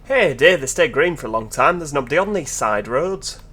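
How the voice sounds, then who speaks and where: A man's voice: medium pitch, lively intonation, fairly quick, bright, forceful tone, slightly rough. A man giving casual, chatty commentary over gameplay, with joking asides to his viewers. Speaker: video game commentator.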